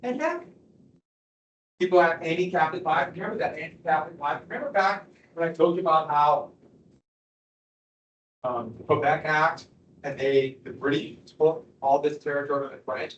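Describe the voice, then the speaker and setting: A man teaching a history lecture to a class, animated and quizzing students as he goes. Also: fairly high pitch, moderate pace, long pauses, dull audio, a little hiss or hum. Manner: animated, asks the class questions. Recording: echoey classroom from far off.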